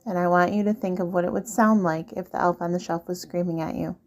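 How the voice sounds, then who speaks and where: A woman's voice: on the low side, fairly even intonation, fast. A woman speaking earnestly and directly to the listener in a casual advice monologue, repeating her points. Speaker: vlogger giving relationship advice.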